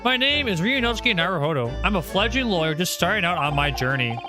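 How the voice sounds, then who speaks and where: A man's voice: high voice, very animated, quick pace, music in the background. A man voicing an earnest young lawyer, reading the lines plainly in a lightly raised voice. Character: earnest young male law student narrating.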